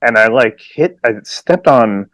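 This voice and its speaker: A man co-hosts a casual soccer podcast, telling stories with lots of laughter and quick silly impressions. His voice sits at an ordinary middle pitch. It's recorded dry and close, with no room sound at all. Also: no room sound. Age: adult with children. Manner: animated, laughs often, slips into silly voices. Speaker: podcast co-host. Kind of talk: casual chat.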